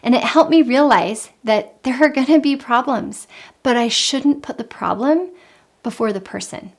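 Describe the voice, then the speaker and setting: A woman giving calm, earnest parenting advice in an instructional talk, repeating her key points. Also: sits high, normal speed. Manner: calm, earnest, with frequent repetition. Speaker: parenting coach.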